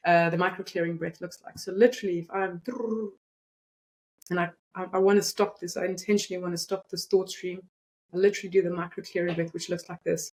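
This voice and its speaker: A woman's voice: fairly low pitch, flat delivery, brisk, a little mellow, rough recording. A woman energy coach explaining breathing and compassion techniques in a guided, instructive way. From South Africa. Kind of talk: teaching interview talk.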